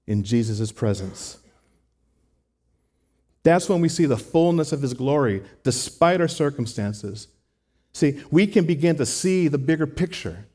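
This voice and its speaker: A man's voice: mid-range voice, dark tone, husky. A man preaching a sermon in an earnest, conversational way, talking to the congregation with rhetorical asides. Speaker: pastor.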